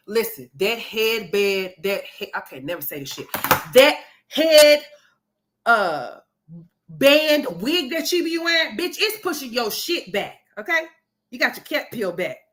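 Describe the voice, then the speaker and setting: A woman's voice: on the high side, fairly bright tone. A woman hosting a gossip commentary livestream, brash and profane, rambling and talking straight to her viewers. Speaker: commentary host.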